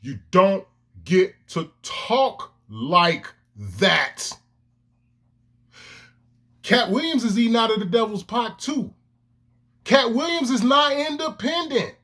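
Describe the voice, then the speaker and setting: A man's voice: high voice, sing-song, measured pace, bright, forceful tone. A man ranting to his own camera in heated, profane commentary, with emphatic outbursts. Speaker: vlogger. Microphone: camera lens, self-recorded.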